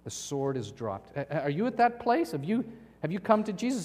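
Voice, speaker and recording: A male pastor preaching a sermon, emphatic, with dramatic pauses and acted-out quotations. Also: high voice, sing-song, a little mellow, in a large hall.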